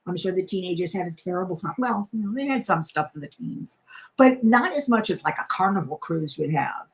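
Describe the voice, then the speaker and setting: A woman's voice: fairly low pitch, animated, brisk. A middle-aged woman hosting a casual live stream, chatting in a rambling way with many fillers and restarts. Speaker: crafting channel host.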